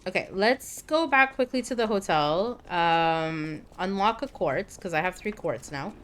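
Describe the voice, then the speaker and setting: A woman's voice: on the low side, expressive, a little slow, a little hiss or hum. A young woman streaming a game, chatting casually, joking and reading game text aloud. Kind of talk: casual gameplay commentary.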